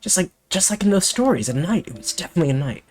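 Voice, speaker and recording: A man reading out an excitable little boy in a video game, squeaky, stammering and insistent. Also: rapid-fire, soft background music.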